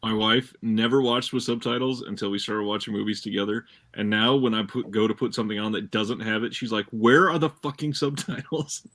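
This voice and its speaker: A married man with kids, co-hosting a casual film podcast, who tells relaxed stories and chimes in with short agreements. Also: on the low side, a little fast, hardly any pauses.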